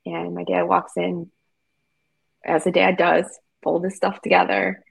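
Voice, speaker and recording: Woman interview guest, husky and slightly low, candid storyteller with lots of fillers. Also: level tone, a little slow, dry recording, rough recording. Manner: emotional, frequent fillers like "like".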